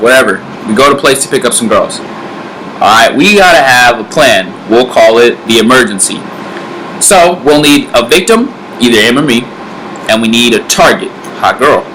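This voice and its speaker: A man's voice: medium pitch, fairly bright tone, slight background noise, low-quality recording. A young man hosting a casual comedy vlog, explaining dating rules in loose, filler-heavy bro talk. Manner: laid-back bro talk, filler-heavy, acts out little scenes. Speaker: vlog host giving dating advice.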